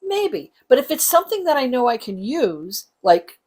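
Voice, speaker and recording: A woman's voice: high voice, very animated, moderate pace, a little mellow, husky. A middle-aged woman co-hosting a casual craft chat with her grown daughter, teasing in a snarky, matter-of-fact way. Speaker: co-host, the host's mother.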